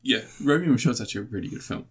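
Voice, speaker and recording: A man's voice: mid-range voice, lively intonation, racing, husky. A man, co-hosting a casual podcast chat, laughing often and swearing freely. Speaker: podcast co-host.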